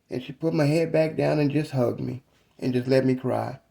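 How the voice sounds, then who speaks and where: A man in his thirties telling a personal story about his mother in a reflective, halting, casual way. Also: mid-range voice, gravelly, mellow. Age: 30s.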